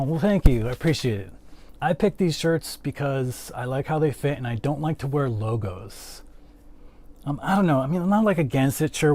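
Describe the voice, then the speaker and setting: A man's voice: fairly high pitch, a little mellow, no room sound. A man chatting casually as a livestream host, rambling with lots of "like" fillers and answering his chat.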